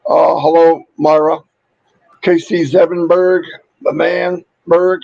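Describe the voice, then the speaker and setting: A man hosting a casual livestream, upbeat and chatty, rattling off viewer shout-outs while losing his voice. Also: a little high, level tone, slow pace, creaky, no echo, lo-fi sound. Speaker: livestream host.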